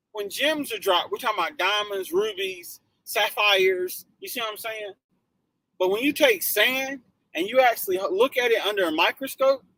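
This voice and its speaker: A man hosting a motivational live stream in casual chat, animated and joking, laughing often. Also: high voice, vocal fry, low-quality recording.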